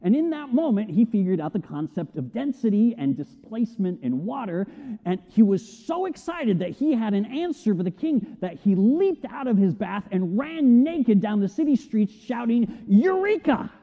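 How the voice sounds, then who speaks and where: Middle-aged male pastor, high and very expressive voice, long hall reverb. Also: moderate pace. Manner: animated storytelling, acts out shouted quotes. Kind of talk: sermon. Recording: tinny phone-like sound with long hall reverb.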